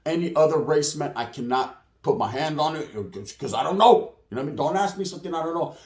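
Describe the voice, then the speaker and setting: A streetwise man holds forth in a casual monologue, sprinkling slang and voicing the people he quotes. His voice sits a bit high for a man and runs slightly hoarse. The room around him is echoey. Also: lively intonation, quick pace, hardly any pauses, darkish tone. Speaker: channel host, street news commentator. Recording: roomy echo.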